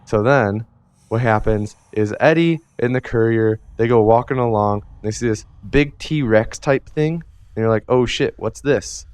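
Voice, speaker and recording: A man's voice: medium pitch, unhurried, a little mellow, clear, resonant tone, no echo. A man giving a rambling, comedic retelling from memory, full of fillers and casual swearing. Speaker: storyteller. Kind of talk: rambling comedic recap of a video game from memory.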